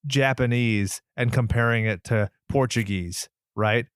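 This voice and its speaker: Man, podcast host, sarcastic, joking, casual banter, mid pitch, dry close sound. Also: unhurried, clear, resonant tone, no echo. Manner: sarcastic, jokey, swears casually.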